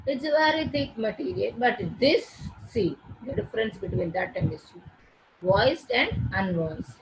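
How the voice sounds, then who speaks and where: A woman gives a recorded pronunciation lesson, sounding out each word slowly and carefully. Her pitch sits in a middle range for a woman. A steady hiss and scattered clicks run under the recording. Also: gravelly, rough recording. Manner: slow, deliberate, repeating words and sounds one by one. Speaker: English phonetics teacher.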